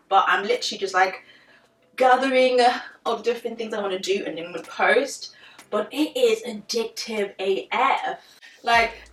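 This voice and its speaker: A young woman chatting casually in a vlog, animated and full of "like" fillers. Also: fairly high pitch. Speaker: beauty vlogger. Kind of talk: casual chit-chat vlog. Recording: roomy sound, a little distant from the mic, faint music behind.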